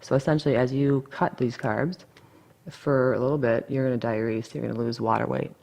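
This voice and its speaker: A woman's voice: rumbling low, steady tone, brisk, creaky, darkish tone. A woman dietitian talking casually in an interview, blunt and chatty, full of asides.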